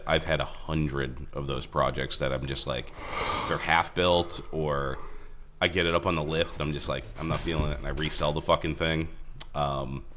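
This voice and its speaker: Male podcast co-host, very low voice, easygoing and foul-mouthed, faint hiss behind. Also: a bit bright. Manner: profane, laid-back storytelling. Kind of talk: casual chat.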